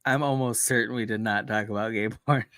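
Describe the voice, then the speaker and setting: A man's voice: fairly low pitch, fairly even intonation, a little fast, sharp tone, no room sound, studio quality. A man co-hosting a podcast in casual chat, teasing and cursing with frequent laughter. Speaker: podcast co-host. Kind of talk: casual late-night chat.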